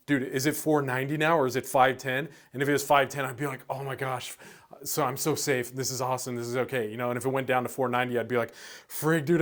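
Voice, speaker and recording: A man hosting an investing channel, explaining in a casual, chatty way with lots of "um" and the odd "dude", sometimes acting out nervous investors. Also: medium pitch. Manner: laid-back, chatty, uses "um" and "dude"; acts out worried investors in lively asides.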